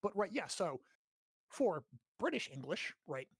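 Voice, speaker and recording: A man's voice: high voice, sing-song, measured pace, gravelly, slightly rough, no echo, clean studio sound. An American man hosting a casual grammar lesson, explaining in a chatty way, often checking with "right?" and swearing now and then. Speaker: host teaching grammar.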